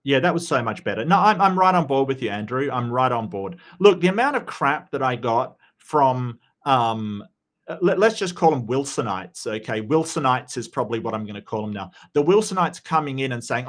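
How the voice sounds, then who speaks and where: A man's voice: medium pitch, expressive, brisk, a bit bright. Guy hosting a debate stream, chatty and blunt, cracks jokes, swears a bit, reads out chat. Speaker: livestream debate host. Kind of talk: casual live-stream chat.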